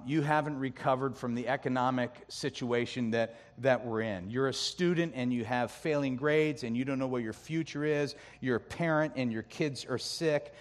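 A middle-aged man preaching a sermon, animated and jokey, acting out complaints with his voice climbing higher. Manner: animated, jokey, acts out complaints with rising pitch. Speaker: pastor. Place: church sanctuary. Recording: long reverb of a large hall.

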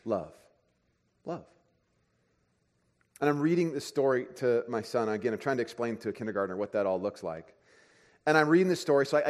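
A man in his thirties, a pastor preaching a sermon, telling a family story with lively swings between soft asides and excited bursts. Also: mid-range voice. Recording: long hall reverb.

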